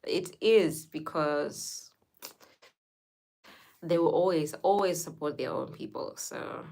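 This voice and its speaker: Woman, low unhurried voice, chatty streamer who laughs a lot and reads out viewer names. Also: a little mellow, poor audio. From Zimbabwe. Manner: laughs often, answers viewers by name. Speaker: live streamer reading chat. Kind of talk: casual storytelling to a live chat.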